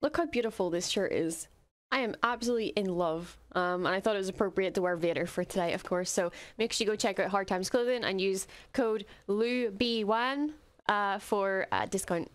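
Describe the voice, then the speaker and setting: A young woman streamer reacting to an episode, talking quietly and gushing with excitement, with plenty of swearing. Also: mid-range voice, normal speed. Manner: hushed, gushing and swearing freely.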